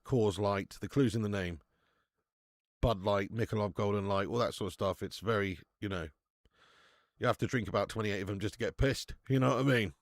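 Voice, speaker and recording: A British-accented man hosts a live football watch-along, bantering, swearing and reading viewer chat aloud. His voice is lowish and a little fast, with no echo.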